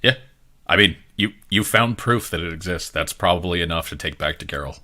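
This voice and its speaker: Deep-voiced man running a tabletop game. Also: brisk, pushed and bright. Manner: rambling, with many fillers and restarts. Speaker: game master.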